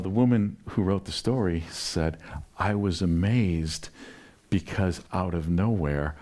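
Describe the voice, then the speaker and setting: A man, a pastor, telling a story in a relaxed conversational sermon and acting out the quoted voices. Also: sits low.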